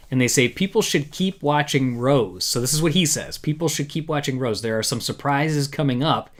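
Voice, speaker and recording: Chatty man hosting a live discussion. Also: medium pitch. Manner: chatty, reads quotes aloud with frequent fillers. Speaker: podcast host.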